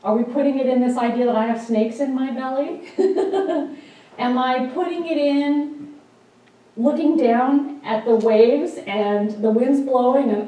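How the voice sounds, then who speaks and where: A woman's voice: high voice, unhurried. Woman preaching in an echoey hall. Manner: storytelling, lively with quoted lines. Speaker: minister. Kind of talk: sermon with scripture readings. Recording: echoey hall, speaker far from mic.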